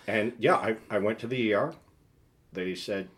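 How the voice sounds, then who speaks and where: A man co-hosting a podcast in casual chat, chiming in with short agreements and retelling a story haltingly. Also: fairly low pitch, a bit bright. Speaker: podcast co-host.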